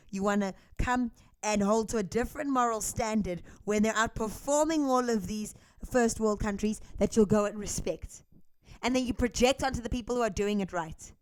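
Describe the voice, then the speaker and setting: A woman's voice: medium pitch, a little mellow. A woman hosting a reaction video who makes an emphatic, argumentative commentary and repeats her points for force. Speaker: host of a reaction video channel. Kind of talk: opinionated commentary.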